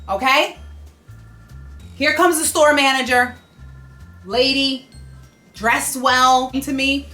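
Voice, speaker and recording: Indignant New woman vlogging. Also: a little high. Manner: animated, indignant, emphatic repetition. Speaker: fashion vlogger. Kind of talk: casual storytelling to camera.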